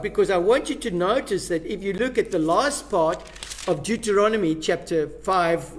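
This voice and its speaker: A man teaching a Bible lesson to a seated class, emphatic and often putting questions to his listeners. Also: sits high.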